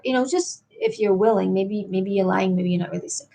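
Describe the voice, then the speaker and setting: A woman's voice: mid-range voice, brisk, vocal fry, mellow. A middle-aged woman hosting a late-night livestream, chatting in a meandering way and answering viewers in the chat. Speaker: livestream host.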